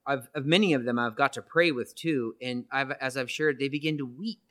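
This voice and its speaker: A man's voice: medium pitch, fairly quick, bright, forceful tone. A church minister preaching an earnest, reflective testimony, often checking in with his listeners with "right?". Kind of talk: sermon-style testimony.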